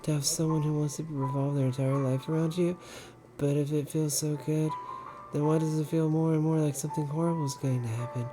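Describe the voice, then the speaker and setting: A man's voice: a little high, little pitch movement, brisk, over music, pitched above the performer's own voice, lightly acted. A man reading aloud the lines of an obsessive, unhinged, lovestruck young woman in a plain voice. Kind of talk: reading game dialogue aloud.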